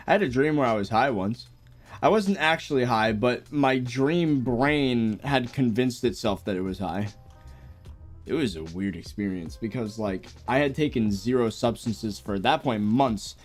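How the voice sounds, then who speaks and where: Young American male streamer, laid-back chat, animated pitch, faint music bed. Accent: General American. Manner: laid-back, chuckles often, lively up-and-down delivery. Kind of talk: casual live-stream chat, reading viewer messages.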